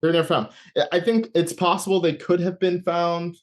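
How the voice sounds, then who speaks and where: In a level, high-pitched voice, a man appearing as an interview guest shares a personal story in conversation. He's halting, full of fillers and restarts, and he laughs as he talks.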